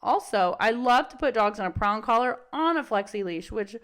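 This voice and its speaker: A woman's voice: fairly high pitch, animated, moderate pace, fairly bright tone. A young adult woman dog trainer talking casually on a podcast, swearing freely and acting out the voices of dogs and owners.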